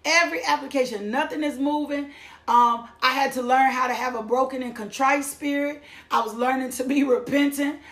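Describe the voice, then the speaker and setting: High-voiced woman giving testimony. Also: steady tone, moderate pace, a bit bright. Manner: emphatic, repeats phrases for effect. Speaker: testimony speaker. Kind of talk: church testimony. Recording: echoey room.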